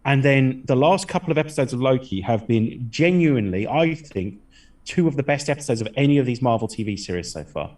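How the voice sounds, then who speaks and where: Bloke gushing about tv, swears a lot, sits a bit back from the mic. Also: male voice, medium pitch, lively intonation, a little fast, a little mellow, recorded from a distance. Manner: enthusiastic, swears casually. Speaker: podcast co-host. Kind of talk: casual podcast chat.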